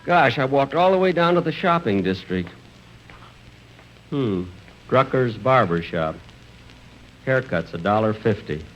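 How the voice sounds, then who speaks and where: A man's voice: medium pitch, animated, unhurried, long pauses, fairly bright tone, dull audio. A middle-aged man playing a vain, thrifty comedian in a 1950s radio comedy, with dry, incredulous timing. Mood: musing. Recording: faint hiss of old radio broadcast.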